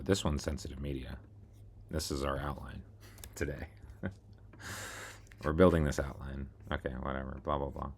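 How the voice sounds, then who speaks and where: Very deep-voiced man rambling casually. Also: fairly bright tone, husky. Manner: meandering, self-mocking, mutters while scrolling. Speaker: video blogger. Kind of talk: casual rambling screen-share monologue.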